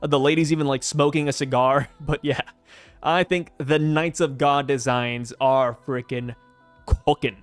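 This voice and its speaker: A man casually reviewing a comic chapter, chatty and excitable, with many fillers and acted-out quotes. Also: medium pitch, measured pace, clean tone, soft background music. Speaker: manga reviewer. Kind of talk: casual commentary.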